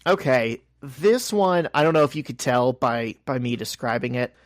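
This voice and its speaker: A man's voice: medium pitch, normal speed, no room sound. Man, podcast co-host, casual recap, acts out quotes, dry close sound. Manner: animated retelling, acting out quotes. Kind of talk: casual comic recap chat.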